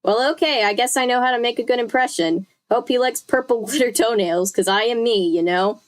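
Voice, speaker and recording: A woman's voice: on the high side, fairly quick. Chatty young woman reading aloud. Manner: chatty, with self-corrections and asides to chat. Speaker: streamer reading a book aloud. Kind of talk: casual live read-aloud.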